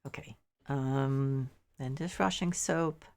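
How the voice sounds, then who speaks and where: A woman's voice: a bass voice, slow. A woman casually chatting to her viewers while playing a game, thinking aloud with mild frustrated asides, a little sleepy. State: sleepy, yawning. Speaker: game streamer. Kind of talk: casual gameplay commentary.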